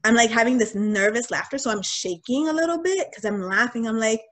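A woman's voice: a little high, a little fast. Young woman telling a candid personal story. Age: young adult. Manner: candid and animated, acting out quoted lines. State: getting choked up. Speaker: guest sharing a personal story. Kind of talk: casual storytelling.

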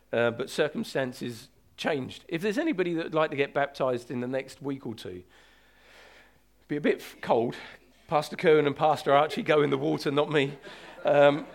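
A man preaching a sermon as pastor, emphatic and urgent, slowing to draw out key words for weight. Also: fairly high pitch.

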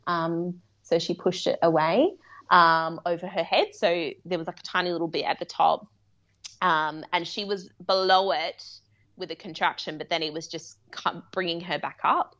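Low-voiced woman telling a candid story. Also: fairly even intonation, moderate pace, a bit bright, highs cut off. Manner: candid and rambling, laughing often. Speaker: interview guest; midwife. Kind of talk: personal storytelling in a remote interview. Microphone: remote call.

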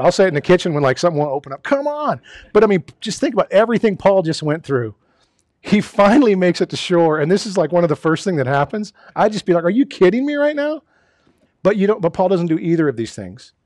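A man preaching a casual sermon as pastor, conversational and self-deprecating, now and then breaking into mock exasperated shouts. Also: on the high side, fast, no room sound, clean studio sound. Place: church sanctuary.

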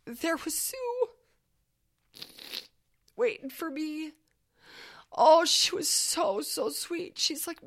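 A woman telling a personal story in an animated, emphatic, conversational way. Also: high-pitched, drawn-out words, long pauses.

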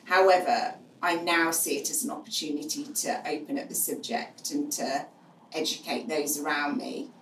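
Middle-aged woman, frank storyteller, kinda low voice, roomy distant sound. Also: moderate pace. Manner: frank, laughs at dark moments. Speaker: guest, charity co-founder. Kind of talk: candid storytelling in conversation. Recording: roomy, distant mic with faint noise.

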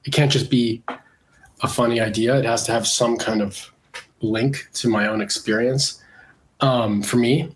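A man's voice: mid-range voice, fairly even intonation, unhurried. A Canadian-born illustrator, a man with a congested voice from a cold, talking casually and hesitantly with many fillers in an interview. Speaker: illustrator guest.

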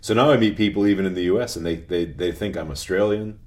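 A middle-aged man from New England, a podcast guest telling stories in a relaxed, halting way, often restarting his sentences. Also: low-pitched. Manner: relaxed, halting, restarts phrases, many murmured agreements. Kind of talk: conversational interview.

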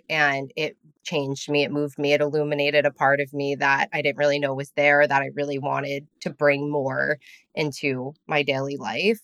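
Chatty woman host, low-pitched, dry recording. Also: fairly bright tone, dry recording. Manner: chatty, laughs often, acts out quotes. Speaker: podcast host. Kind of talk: casual interview chat. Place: room in New York with street noise outside.

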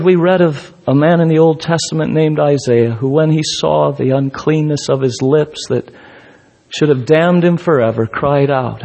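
Male pastor, husky tone, fervent sermon with surging emphasis. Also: mid-range voice, warm tone. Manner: impassioned, rising and falling emphasis. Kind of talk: sermon and closing prayer.

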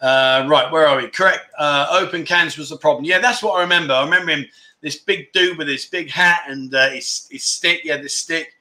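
This man in his fifties speaks briskly in a slightly high, sharp voice while hosting a casual livestream. Between rambling anecdotes, he chats and reads out what his viewers have written.

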